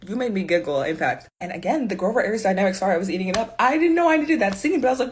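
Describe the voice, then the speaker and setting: A woman's voice: mid-range voice, sing-song, brisk, few pauses, a little mellow. A young woman giving a casual, slangy, exasperated reaction to a TV show. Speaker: pop culture commentator.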